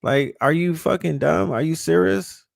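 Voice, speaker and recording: A man's voice: fairly high pitch, moderate pace, vocal fry, no echo, clean studio sound. A man ranting casually, emphatic and profane, often restarting words when fired up. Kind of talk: casual rant.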